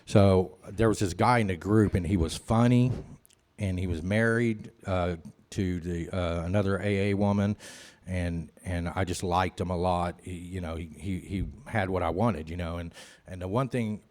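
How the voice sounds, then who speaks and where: A man tells his own recovery story in a very low voice. His delivery is candid and self-mocking, and he rambles with lots of "you know.". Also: fairly even intonation, moderate pace, a little mellow. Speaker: AA speaker. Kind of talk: personal recovery story at a meeting.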